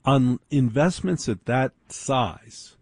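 A man's voice: medium pitch, expressive, takes it slowly, darkish tone, slightly rough, no room sound. A man telling a story in a wry, dry, digressive monologue.

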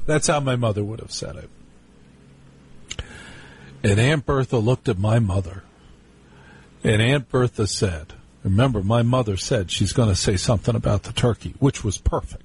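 A man with a husky, slightly breathy voice hosts a live call-in radio show from the studio. He talks in a chatty, storytelling way, drifting into wry asides to his listeners and repeating the call-in number. His pitch sits in an ordinary middle range for a man. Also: animated, moderate pace. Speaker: radio talk show host.

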